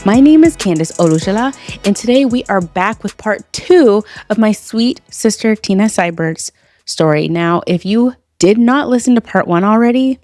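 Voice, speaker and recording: A woman's voice: mid-range voice, lively intonation, moderate pace, a little mellow, dry recording, studio quality, soft background music. A woman hosting her podcast, giving an encouraging scripted introduction. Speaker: podcast host.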